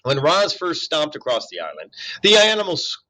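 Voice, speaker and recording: A man reading a children's novel aloud in an expressive way, with asides to young listeners. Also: a little high, moderate pace, poor audio. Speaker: reader.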